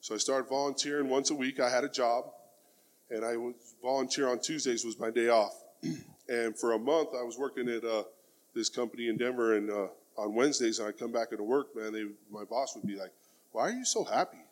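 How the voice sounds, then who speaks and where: A man's voice: mid-range voice, steady tone, fairly quick. A middle-aged man giving a heartfelt personal testimony in plain, casual speech, often dropping in the word "man". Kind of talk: earnest spoken testimony.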